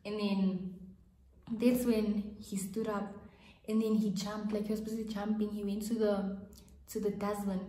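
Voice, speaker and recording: A woman's voice: mid-range voice, warm tone. A young adult woman telling a storytime vlog in a chatty, rambling way with frequent restarts. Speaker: vlogger. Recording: echoey room.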